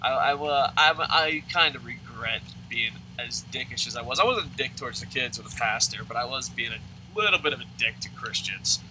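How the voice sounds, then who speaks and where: A young man tells a rambling, profane story while playing a video game, his voice at an ordinary middle pitch. He talks casually and keeps swearing. A steady hum of background noise sits under the recording. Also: a little fast, few pauses, low-quality recording. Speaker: let's play commentator. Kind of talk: casual storytelling over gameplay.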